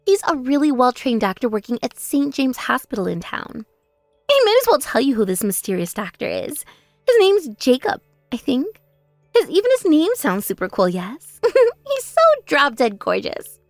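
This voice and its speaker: A woman plays a spoiled, gloating younger sister in a text-message story drama. Her voice sits high and leaps about as she taunts and boasts. The sound is dry with faint music underneath. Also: big pitch swings, normal speed, no room sound. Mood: boastful.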